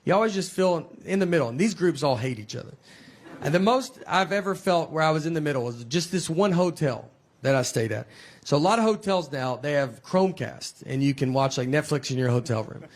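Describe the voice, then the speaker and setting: A man in his forties doing stand-up comedy in a slow, deadpan storytelling way. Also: on the high side. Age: 40s. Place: live stage with audience laughing. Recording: live show with crowd laughter and noise.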